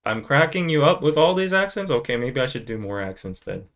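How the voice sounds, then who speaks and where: A man hosting a casual live stream in a playful, joking manner. His pitch rises and falls a lot as he talks. The delivery feels easygoing and animated. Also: brisk. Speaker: podcast host.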